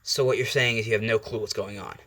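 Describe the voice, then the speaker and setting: A man voicing a brash, hot-tempered teenage boy who snaps and shouts, while retelling a story. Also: fairly low pitch, fairly even intonation, fast talker. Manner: brash, snappy.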